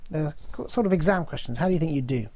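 A man, preaching a sermon in a measured way and posing rhetorical questions to the listeners. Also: fairly high pitch, animated, darkish tone, no echo. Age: 40s.

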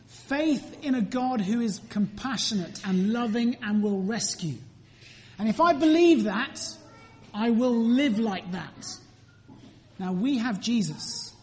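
Slow woman leading a church children's talk. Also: fairly high pitch, slight background noise. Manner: asks the children questions and prompts answers; slow, clear, deliberate. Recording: reverberant church room.

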